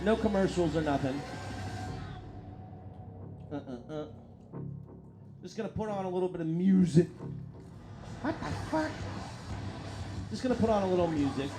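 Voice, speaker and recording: High-voiced guy yelling wrestling commentary on a stream, swears a lot, crowd and music behind. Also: moderate pace, long pauses. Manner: excitable, profane, hollers at the action.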